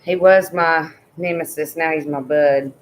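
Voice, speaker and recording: A woman's voice: low-pitched, fairly even intonation, measured pace, echoey room, slight background noise, poor audio. A woman hosting a casual live stream, loose and swearing freely while she chats with viewers and fusses over her pets. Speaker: livestream host.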